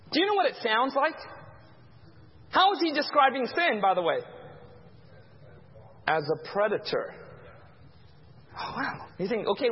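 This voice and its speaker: A pastor with a very high voice runs an interactive Bible class, pausing again and again so listeners can fill in the blanks. A long hall reverb hangs on his voice, and the recording is dull and muffled.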